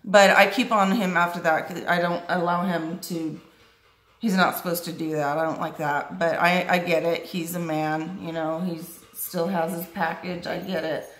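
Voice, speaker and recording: A woman's voice: fairly even intonation, normal speed, a bit bright. Chatty woman in an echoey room. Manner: rambling, with many fillers and restarts; high sing-song baby talk to her dog. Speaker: dog owner answering viewer questions. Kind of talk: casual Q and A vlog. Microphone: phone held while scrolling.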